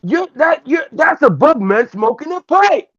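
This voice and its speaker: A player putting on shrill, amazed Zedeka. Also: sing-song, a little slow, dry recording, dull audio. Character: excitable young adventurer Zedeka, gushing.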